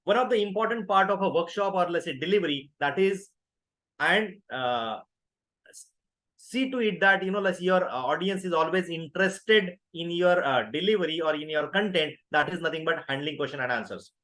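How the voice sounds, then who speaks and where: A man's voice: high-pitched, a bit bright. A man in his fifties with an Indian English accent, giving an online workshop lecture, full of fillers and self-corrections. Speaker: workshop trainer.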